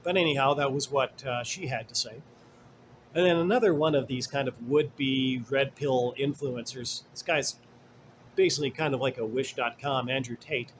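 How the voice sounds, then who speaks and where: A man's voice: medium pitch, steady tone, normal speed, slight background noise. Rambling, sarcastic male commentator. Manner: rambling and digressive, many fillers and asides; blunt and sarcastic, swears. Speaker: commentary host. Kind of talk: casual commentary monologue.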